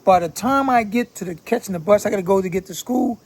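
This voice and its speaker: This Philadelphia, USA, commentator has a high voice and talks fast. Hosting his channel casually, he speaks bluntly in profane street slang.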